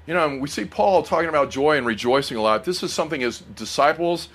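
High-voiced male preacher, earnest. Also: lively intonation, fast, fairly bright tone. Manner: earnest, personal, asks the congregation questions. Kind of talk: sermon.

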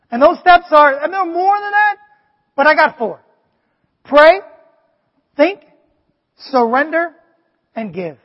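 High-voiced male pastor preaching in a hall. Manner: animated, preachy, asks the crowd "Amen?". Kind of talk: sermon. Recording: dull, long hall reverb.

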